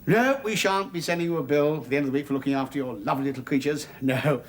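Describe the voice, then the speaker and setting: An actor playing a fussy, indignant middle-aged husband who stammers and blusters, in a 1980s British sitcom. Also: male voice, on the high side, fast, lightly acted. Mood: flustered. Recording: TV studio with loud noise and audience laughter.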